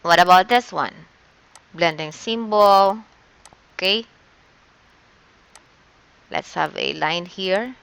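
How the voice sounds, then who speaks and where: A Filipino woman teaches an online lesson, walking through each step patiently. Her voice is smooth and clear, sitting a little low. She speaks very slowly. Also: fairly bright tone. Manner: patient, explains step by step, frequent "okay". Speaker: shorthand teacher.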